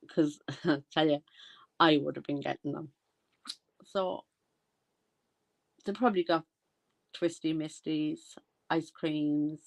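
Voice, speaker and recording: A chatty Irish woman talking in a fairly low voice. She rambles through casual commentary, trailing off and circling back when she loses her thread. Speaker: commentary vlogger.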